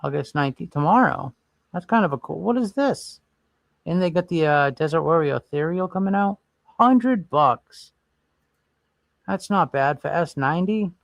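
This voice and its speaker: A man's voice: fairly high pitch, lively intonation, moderate pace, creaky, no echo. A man hosting a casual livestream, rambling and thinking aloud while browsing and chatting with viewers. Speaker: livestream host.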